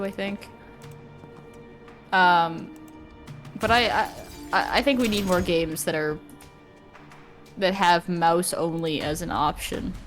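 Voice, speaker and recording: A woman streamer talks in loose, rambling chat, stumbling over restarts and dropping swears now and then. Her voice sits at an ordinary middle pitch. Faint music plays under her talk.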